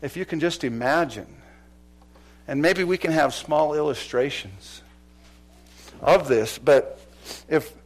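A male pastor preaching a sermon with passion, swinging between loud exclamations and quiet, low drops. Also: slow pace, pauses often, soft background music.

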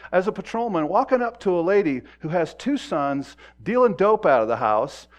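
A middle-aged man preaching a sermon in a conversational way, acting out quoted voices and moving from quiet talk to loud emphasis. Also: sits high, very animated, moderate pace. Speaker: pastor.

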